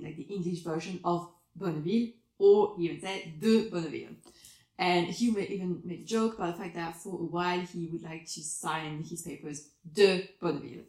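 A woman's voice: fairly low pitch, gravelly, darkish tone, echoey room. A French woman from Alsace hosting a podcast, chatting casually about a memoir, laughing often and restarting her sentences. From Alsace, France. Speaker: podcast host. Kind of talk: casual chat about a book.

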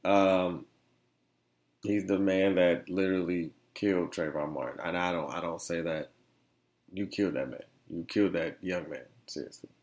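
A man's voice: sits low, moderate pace, darkish tone. A young man hosting a casual solo podcast, rambling and slangy as he tells stories with plenty of animation. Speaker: podcast host.

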